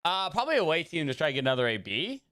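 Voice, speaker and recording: A man's voice: fairly high pitch, very animated, very fast, fairly bright tone, no room sound, clean studio sound. A young man chatting casually with his viewers while streaming a video game, rambling and greeting them by name. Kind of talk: casual livestream chat while gaming.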